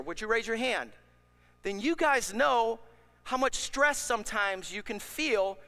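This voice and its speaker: A man preaching a sermon as pastor, animated and acting out worried voices for the congregation. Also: very high-pitched. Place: church sanctuary. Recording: long hall reverb.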